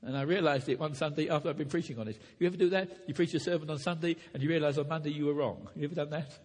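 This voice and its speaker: A man preaching in a large church hall, his slightly raised voice husky and edged with breath. He speaks earnestly, restarts phrases, and climbs to emphatic peaks. A long reverb trails each line. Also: a little high, fairly even intonation, rapid-fire, darkish tone. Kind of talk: sermon to preachers.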